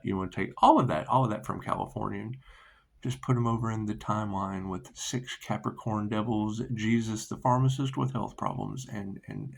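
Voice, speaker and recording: Rambling low gravelly man. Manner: repetitive, laughing, trailing into soft asides. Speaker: spiritual video host. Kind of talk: rambling spiritual monologue.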